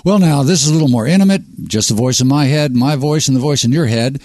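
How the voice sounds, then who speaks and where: A man's voice: medium pitch, expressive, normal speed, a little mellow, no room sound. Male host, sardonic and preachy monologue, dry close-miked sound. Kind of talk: reading a monologue.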